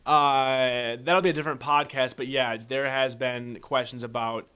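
A man hosting a podcast, telling a story in a profane, animated, rambling way. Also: medium pitch, a little slow, clear, resonant tone. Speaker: podcast host. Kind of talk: casual storytelling.

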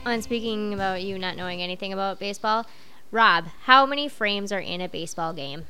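A woman's voice: mid-range voice, brisk, sharp tone, smooth, soft background music. A woman on a podcast reading out listener questions in a dry, matter-of-fact way.

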